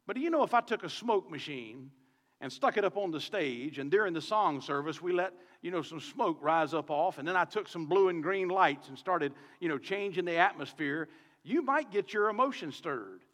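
A man's voice: a little high, animated, moderate pace, fairly bright tone, long reverb tail. A man with a Southern US accent, a pastor preaching a sermon on a microphone in his church, talking to the congregation in a conversational way with many rhetorical questions. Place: church sanctuary.

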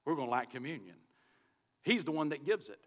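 A man's voice: a little high, big pitch swings, a little fast, long reverb tail, muffled recording. A man with a Southern US accent, a pastor preaching a sermon on a microphone in his church, talking to the congregation in a conversational way with many rhetorical questions. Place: church sanctuary.

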